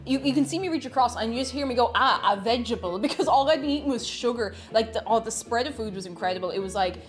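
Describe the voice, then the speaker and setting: Speaking fast at a fairly high pitch, this young Irish woman chats casually from her home stream. She reads viewer comments aloud, giggles frequently, and wanders off into rambling asides.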